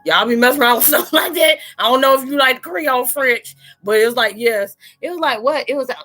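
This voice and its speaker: Young woman, a bit high, bright and forceful, loose storytelling with lots of laughs over faint music. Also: fairly quick. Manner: laughs often, tells animated stories, talks loosely and playfully. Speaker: live chat host. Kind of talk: casual live-stream chat.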